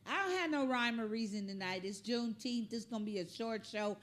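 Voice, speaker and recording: A woman hosting a comedy reaction show, riffing on clips in an animated, joking, slangy way. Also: on the high side, a little fast.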